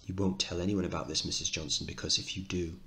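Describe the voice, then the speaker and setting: A man voicing a cold, threatening wealthy mother in a low, controlled voice, reading the play aloud. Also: fairly even intonation, quick pace, sharp tone. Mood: menacing.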